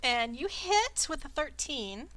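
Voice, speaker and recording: A woman's voice: sits high, big pitch swings, slow pace, fairly bright tone, no echo. A woman narrating as dungeon master in a casual way, with playful sound effects and fillers, over an online voice call. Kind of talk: narrating a tabletop game.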